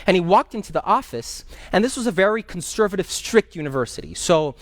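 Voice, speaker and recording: Guy pastor running a bible study, lively storyteller, repeats himself, sometimes hunts for a word, dry close sound. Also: high-pitched, brisk, no room sound. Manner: animated storytelling, repeats key phrases, sometimes searches for words. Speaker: pastor teaching a Bible class. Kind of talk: Bible study teaching with questions from the class.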